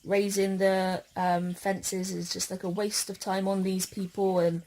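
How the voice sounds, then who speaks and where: Slow-talking young woman. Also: mid-range voice, little pitch movement, mellow, a little hiss or hum, low-quality recording. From England. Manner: slow, hesitant, with many pauses and fillers. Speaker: vlogger. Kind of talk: casual chat.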